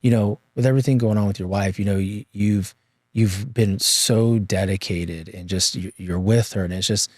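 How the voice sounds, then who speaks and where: A man's voice: on the low side, steady tone, husky. A man hosting a casual interview, speaking hesitantly with many fillers. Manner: hesitant, halting, lots of fillers and backchannels. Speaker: podcast host.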